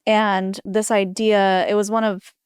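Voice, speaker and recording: A woman's voice: medium pitch, little pitch movement, measured pace, smooth, dry recording, studio quality. A woman hosting a podcast interview, answering her guest with sympathetic, reflective commentary. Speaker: podcast host. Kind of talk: conversational interview.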